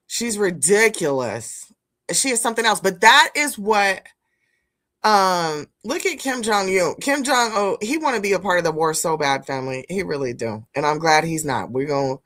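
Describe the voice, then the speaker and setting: A woman streaming live, reacting to news clips and chatting with her viewers, blunt and profane, calling them "family". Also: mid-range voice. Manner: animated, blunt, profane, talks to chat as "family". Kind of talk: live-stream commentary chat.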